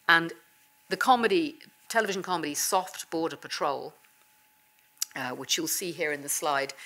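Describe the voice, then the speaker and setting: A woman's voice: on the low side, a bit bright. A woman giving a visiting professor's seminar talk, conversational and full of small restarts. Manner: conversational, with fillers and self-corrections. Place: university seminar room.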